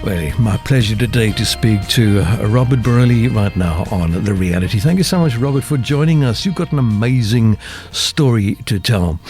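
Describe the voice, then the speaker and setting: A man hosting a talk show, reading a scripted introduction and interviewing a guest in a measured presenting voice. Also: fairly low pitch, expressive, darkish tone, soft background music.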